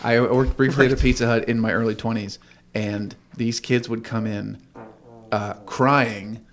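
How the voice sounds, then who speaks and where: A man's voice: mid-range voice, a little hiss or hum. A man co-hosting a podcast, joking around in casual chat with friends. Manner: animated, jokey, quick to laugh. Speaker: podcast co-host.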